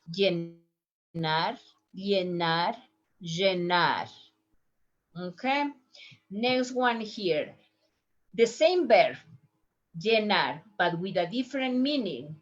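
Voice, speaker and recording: A woman teaching Spanish to healthcare workers, saying each word slowly three times for listeners to copy. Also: mid-range voice, muffled recording. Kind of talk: language lesson for healthcare workers.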